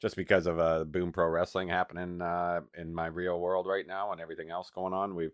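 A man co-hosting a podcast in relaxed, casual chat, giving brief replies and plugging other shows. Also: deep voice, a little fast, clean tone, no room sound, studio quality. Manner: relaxed, brief replies, easy show plugs. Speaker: podcast co-host.

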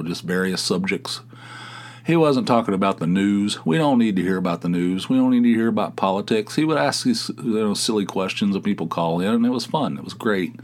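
Rambling American man hosting a podcast. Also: low voice. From United States. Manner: rambling, meandering, self-deprecating. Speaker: podcast host. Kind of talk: casual solo podcast monologue.

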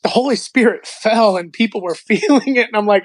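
As a guest in an interview, a man shares his personal faith testimony, telling it in an animated, loose way full of filler words and restarts. His voice sits high and brisk, recorded close and dry with no room sound or echo.

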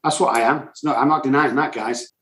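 A man's voice: mid-range voice, fairly even intonation, brisk, roomy sound, rough recording. A middle-aged man, telling his own recovery story in a blunt, intense way as a podcast guest. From England. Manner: blunt, intense, self-described loud and cocky. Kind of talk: emotional personal storytelling.

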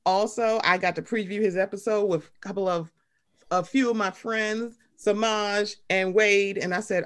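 A woman hosting a podcast in casual chat, animated and profane, telling jokey stories. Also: medium pitch, normal speed. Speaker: podcast host.

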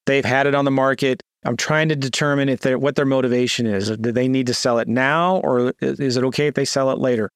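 In casual screen-share teaching, a man walks through a real estate sales script, using fillers and restarts and acting out seller phone calls in a lifted, eager tone. He speaks in a steady mid-range voice, quickly and with hardly any pauses. His tone is clean, and the dry recording has clean studio sound.

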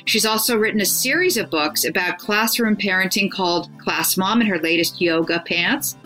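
Bright-voiced woman hosting a talk show. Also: medium pitch, low-quality recording. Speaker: podcast host.

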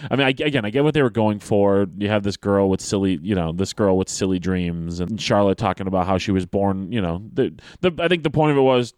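A man with a very low voice talks in casual podcast chat, rambling and often restarting his sentences before landing on an emphatic point. The sound is dry and close, with no room around it. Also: a little fast, hardly any pauses, darkish tone, smooth, no echo. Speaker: wrestling podcast co-host.

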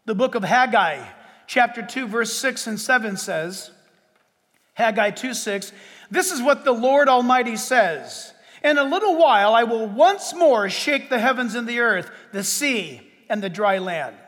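A man preaching a sermon as pastor, with dramatic pauses and sudden loud bursts. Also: very high voice, expressive, long reverb tail.

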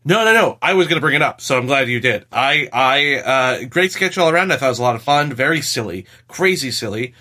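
A man co-hosting a podcast, joking in an animated, self-deprecating way. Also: mid-range voice, a little fast, hardly any pauses. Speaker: podcast co-host. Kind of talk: casual podcast discussion.

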